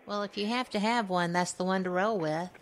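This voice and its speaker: A woman's voice: medium pitch, fairly quick, slight background noise, low-quality recording. A woman hosting a radio talk show, adding brief encouraging remarks and announcing the break. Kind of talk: casual radio chat.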